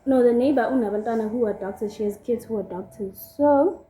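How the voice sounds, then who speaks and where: A woman's voice: a little high, brisk, warm tone. A young woman with a South African accent tells a personal story in a chatty, rambling way while doing her makeup, with lots of fillers. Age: young adult. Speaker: vlogger. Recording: echoey room.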